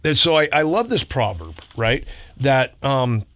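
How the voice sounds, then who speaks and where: A man co-hosting a Christian talk show, telling stories in a lively, laughing way. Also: mid-range voice, a little slow, dry recording. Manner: animated storyteller, laughs often. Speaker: radio show co-host and baseball coach. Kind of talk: casual storytelling chat.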